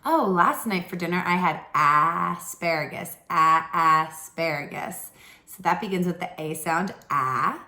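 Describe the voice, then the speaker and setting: A woman teaching a pre-K phonics lesson, gently sounding out letters and words with exaggerated repetition. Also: lowish voice, normal speed, hardly any pauses, reverberant. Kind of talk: slow early-childhood phonics lesson.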